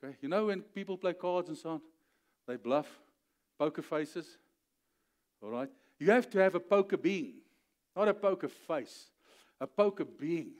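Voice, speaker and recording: Animated high-voiced pastor preaching. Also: male voice, normal speed, pauses often. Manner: animated storytelling, acts out voices, rising to emphatic peaks; checks in with "okay?" often. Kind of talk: sermon.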